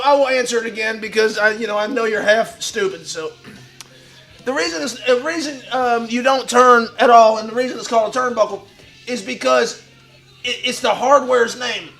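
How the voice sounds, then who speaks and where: A man with a strikingly high, gravelly voice holds forth like a wrestling promo on his own livestream. He is boastful and foul-mouthed, and he breaks into shouts. His tone is bright and forceful. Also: normal speed, soft background music. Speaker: livestream host in a wrestler persona. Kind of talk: brash wrestling promo talk.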